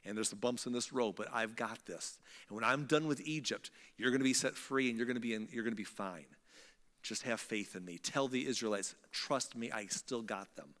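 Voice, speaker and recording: A calm, assured God, as a preacher puts him on speaking low and quiet, relaxed and comforting. A long hall echo trails each phrase. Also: male voice, fairly quick, natural voice. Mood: reassuring. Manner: soft, low, relaxed and reassuring. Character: calm reassuring male God, steady and confident.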